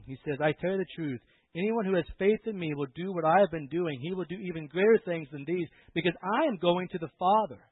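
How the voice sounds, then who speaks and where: A man preaching a sermon as pastor, swinging from loud impassioned preaching to quiet storytelling. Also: on the high side, breathy edge, dry recording. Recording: tinny phone-like sound, dry.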